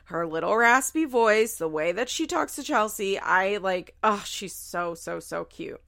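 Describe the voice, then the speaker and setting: Animated woman with vocal fry. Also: mid-range voice, measured pace, dry recording, clean studio sound. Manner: animated, incredulous, swears freely. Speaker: reality show recap podcaster. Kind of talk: casual recap commentary.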